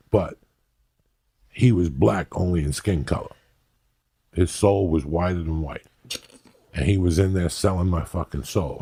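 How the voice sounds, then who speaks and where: Gravelly, profane storytelling man. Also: sits low. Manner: profane, animated storyteller acting out other people's voices. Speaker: podcast host. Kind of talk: storytelling in casual chat.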